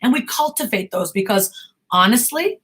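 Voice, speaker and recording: A woman's voice: on the high side, lively intonation, normal speed, a bit bright. An American woman, a talent manager and acting coach, giving blunt, emphatic advice to actors in a live Q&A talk.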